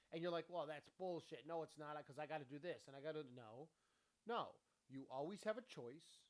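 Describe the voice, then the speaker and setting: Middle-aged male host, casual pep talk, salty and off-the-cuff, voice sits a bit high. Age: 40s. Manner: blunt, profane, rambling with self-corrections. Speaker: podcast host. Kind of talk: casual motivational monologue.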